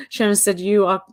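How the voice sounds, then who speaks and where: An Australian woman hosting a livestream, reading viewers' chat comments aloud with chatty asides and quick laughs. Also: mid-range voice. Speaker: livestream host.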